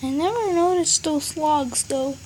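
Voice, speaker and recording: High-voiced young woman ranting over a game. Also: a little slow, a little mellow, a little hiss or hum. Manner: annoyed, ranting, muttering asides. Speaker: gaming channel host. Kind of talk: casual game commentary.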